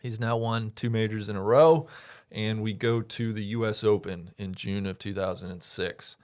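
A man's voice: lowish voice, moderate pace, darkish tone, smooth. A man co-hosting a casual podcast, walking his friends through notes with frequent hesitant fillers. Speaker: podcast co-host presenting research.

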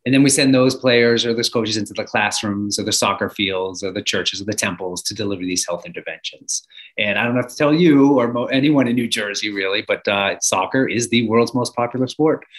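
A man's voice: on the low side, brisk, a bit bright. A man tells his story as a guest. He speaks earnestly and reflectively, with an occasional um or uh. His delivery is conversational rather than scripted. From United States.

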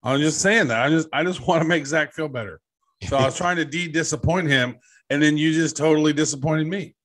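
A man co-hosting a podcast in casual chat, joking and telling animated stories. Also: on the high side, fairly quick. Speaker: podcast co-host.

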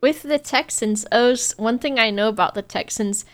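A woman's voice: on the high side, normal speed. An American woman co-hosting a podcast, chatting casually and playfully with jokes. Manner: playful, joking, animated. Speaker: podcast co-host. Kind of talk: casual chat.

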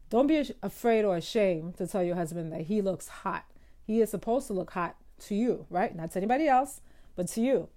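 A woman talks through everyday marriage advice in a chatty, earnest way. Her voice is mellow and soft-edged, at an ordinary pitch. Now and then she slips into a sweeter tone to act out what to say. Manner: chatty, earnest, acts out quoted lines sweetly. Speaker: vlogger giving marriage advice. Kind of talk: casual advice talk to camera.

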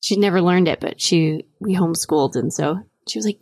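A young woman chatting on a podcast, telling relaxed anecdotes. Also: lowish voice, fast talker, vocal fry, slightly rough, no echo, clean studio sound. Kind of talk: casual chat.

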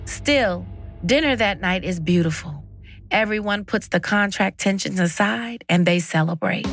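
A woman hosting and narrating a documentary podcast in an expressive storytelling manner. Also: mid-range voice, measured pace, soft background music.

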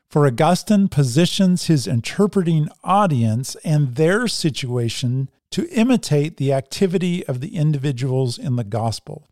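A man with a mellow, warm voice gives a conversational Bible lesson. He explains a passage and reads from articles along the way. The recording is dry and close. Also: fairly high pitch, very animated, moderate pace, no echo. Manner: conversational lecturing, reads quotes aloud. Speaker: Bible teacher. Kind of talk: teaching talk on scripture.

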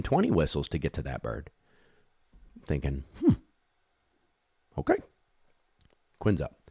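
This man, who works with retriever dogs, tells a casual, animated story about a competition, voicing the dogs and judges, speaking frankly with some mild swearing. His voice sits low, and the studio sound is clean with no echo.

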